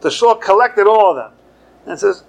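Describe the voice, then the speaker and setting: Gravelly-voiced rabbi teaching a class. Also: male voice, sits high, a little fast. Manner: conversational teaching, lively with sudden emphasis. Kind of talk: Torah lecture.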